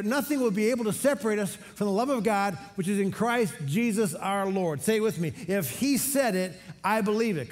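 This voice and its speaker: A middle-aged man preaching a sermon for an online church service, energetic and leading call-and-response. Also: high-pitched. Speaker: pastor. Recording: long hall reverb.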